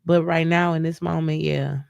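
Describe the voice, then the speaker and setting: Grieving woman, smooth clear voice. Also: low-pitched, flat delivery, normal speed, darkish tone, no echo, highs cut off. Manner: emotional, rambling, restarts often. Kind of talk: casual chat. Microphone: live stream mic.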